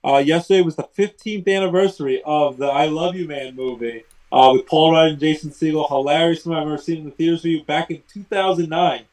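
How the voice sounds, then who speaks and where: Male co-host in his 30s, chatty, hesitant fillers, slightly higher pitch. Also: fast talker, few pauses, a little mellow, rough recording. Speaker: sports talk show co-host. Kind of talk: casual sports talk.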